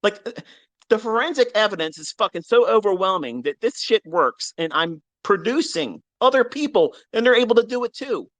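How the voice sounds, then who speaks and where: A man's voice: lively intonation, moderate pace. Middle aged guy swearing nonstop on a live chat, combative, voice jumps all over. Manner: profane, combative, swings from low mutters to loud outbursts. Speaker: trading educator. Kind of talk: heated monologue on a live audio chat.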